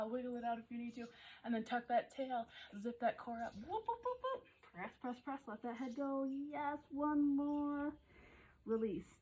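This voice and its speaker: This woman, a fitness instructor in her thirties, has a slightly high, husky voice. Exercising along with the home workout she leads, she stays chatty and upbeat, breathless as she cues each move between breaths.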